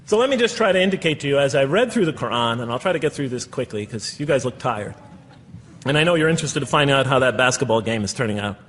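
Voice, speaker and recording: A man's voice: fairly high pitch, a bit bright, slightly rough. A man giving a public lecture to an audience, earnest and full of rhetorical questions. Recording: echoey hall, long reverb.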